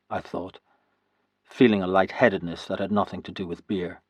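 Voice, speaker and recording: A man narrates a first-person historical novel in a steady, even way. His voice is low and a little husky. The recording is dry and close, with no room sound. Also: normal speed, no echo. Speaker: audiobook narrator.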